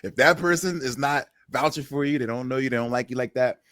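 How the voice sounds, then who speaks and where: A man co-hosting a podcast talks quickly in a mid-range voice, spinning stories in casual banter and impersonating the people he quotes. There's slight background noise.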